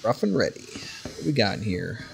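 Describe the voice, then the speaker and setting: A man's voice: fairly low pitch, big pitch swings, moderate pace, vocal fry. A man streaming a video game, commenting casually, joking, swearing and talking to his chat. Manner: jokey, swears, talks to chat. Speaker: gaming streamer.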